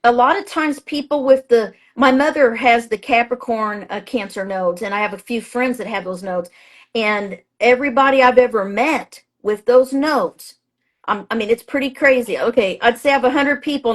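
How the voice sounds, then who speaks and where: Being interviewed casually, a woman who is an astrologer and author chats emphatically at a normal speed, her voice on the high side, with plenty of fillers and restarts. She acts out her own past thoughts in a raised voice.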